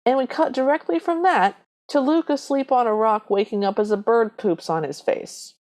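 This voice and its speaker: A woman's voice: on the high side, moderate pace, a little mellow. A woman co-hosting a podcast, speculating about the plot and recounting scenes in casual, chatty talk to listeners. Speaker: podcast co-host. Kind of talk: casual chat recapping a movie.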